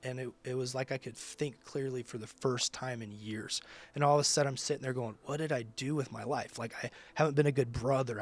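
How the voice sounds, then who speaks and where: A man who leads a ministry, telling his personal testimony in conversation with emphatic, casual storytelling. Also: medium pitch. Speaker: ministry leader.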